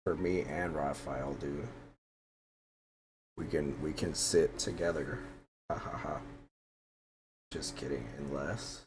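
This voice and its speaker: Low, slow-talking male streamer. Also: fairly even intonation, background noise. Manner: mumbling asides, mock-annoyed grumbling, frequent laughs. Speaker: VTuber streamer. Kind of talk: casual livestream chatter while decorating a room in a game.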